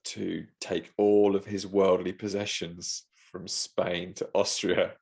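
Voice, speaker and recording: A man co-hosting a podcast, telling an anecdote in lively casual chat and laughing often. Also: deep voice, slow pace, gravelly, husky. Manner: lively anecdote teller, laughs often, acts out quoted voices. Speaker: podcast co-host.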